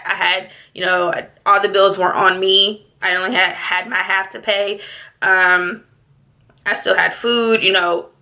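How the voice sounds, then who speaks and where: Young woman, vlogger, emotional and chatty, bright voice with some fry. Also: mid-range voice. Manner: emotional, close to tears; chatty, many "like"s and "y'all". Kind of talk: casual storytime monologue.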